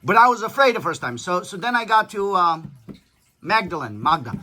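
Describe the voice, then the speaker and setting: A man with a high-pitched, bright, forceful voice holds forth in casual chat. He lectures his daughter bluntly, peppering his stories with profanity. He sounds sure of every point he makes. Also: very animated, a little fast. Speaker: father talking with his daughter.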